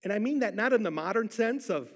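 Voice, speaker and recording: Male preacher, high-pitched and animated, emphatic storytelling sermon. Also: quick pace. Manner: emphatic storyteller, repeats for effect. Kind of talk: sermon with personal testimony.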